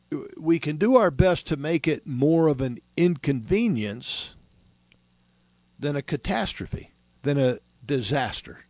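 Give me a man with a fairly high voice hosting a Christian talk show, folksy and rambling, on dry audio. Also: darkish tone, no echo, muffled recording. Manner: folksy and rambling, many restarts. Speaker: host.

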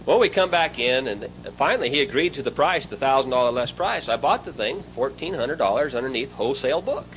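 A man preaching through a long personal anecdote, lively and conversational, turning to address a friend mid-story. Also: medium pitch, a little fast, hardly any pauses, a little hiss or hum, low-quality recording. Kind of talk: storytelling sermon.

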